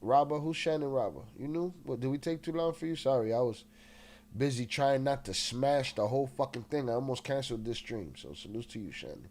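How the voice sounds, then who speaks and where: A man's voice: mid-range voice, fairly quick. Man, livestream host, casual chat, agitated, swears, slightly nasal. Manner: restless and agitated, swears freely, shouts out chat.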